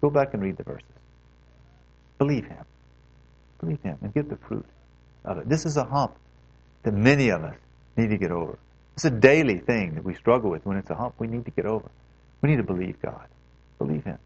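Earnest preaching man, lively delivery. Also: on the low side, vocal fry. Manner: earnest, exhorting, drawn-out emphatic phrasing. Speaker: pastor. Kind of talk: sermon. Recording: dull lo-fi recording.

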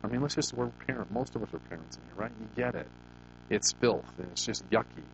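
Speaking fairly quickly in a voice on the low side, a middle-aged pastor addresses his congregation over background noise. The sermon is conversational and folksy, driven by personal storytelling and frequent questions to the listeners.

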